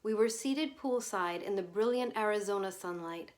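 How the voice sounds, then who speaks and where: Woman, audiobook reader, scripted narration, measured, subdued, mid pitch.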